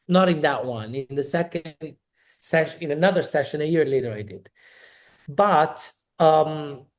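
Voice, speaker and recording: A middle-aged man from Naples, a podcast guest telling a personal story and acting out the dialogue as he goes. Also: fairly high pitch. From Naples, Italy. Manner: animated, acts out quoted dialogue.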